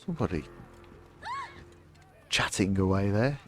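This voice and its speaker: A man's voice: on the low side, lively intonation, unhurried, a bit bright. Man, fifties, game streamer, casual chatty commentary, desk mic, home room. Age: 50s. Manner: chatty, talks fondly to his dog between play. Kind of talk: casual live commentary while playing. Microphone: desk microphone.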